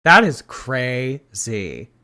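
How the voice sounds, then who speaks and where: A man's voice: medium pitch, big pitch swings, very slow, bright, forceful tone. Man dryly mocking a replayed stream. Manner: mocking and dry, laughing at the clip. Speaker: reaction channel host.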